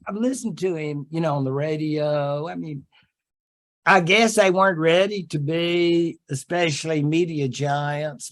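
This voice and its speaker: A man's voice: fairly high pitch, low-quality recording. An older man with a Southern US accent giving a history lecture to a classroom, chatty and humorous with folksy asides. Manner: chatty and humorous, acting out quotes in silly voices. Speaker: history professor. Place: classroom with students.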